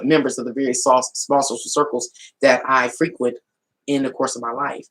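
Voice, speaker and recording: A chatty tarot reader spins a loose, colloquial story for live viewers, often laughing and calling them y'all. The voice has a gravelly, creaky texture that sits at a middling pitch. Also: rough recording. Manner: folksy, colloquial storytelling with quoted dialogue. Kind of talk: casual storytelling on a live stream.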